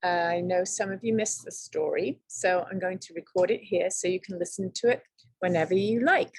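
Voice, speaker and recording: A woman teacher reading a picture book aloud to children, telling it in an expressive, dramatic way. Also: lowish voice, normal speed, slightly rough, dry recording.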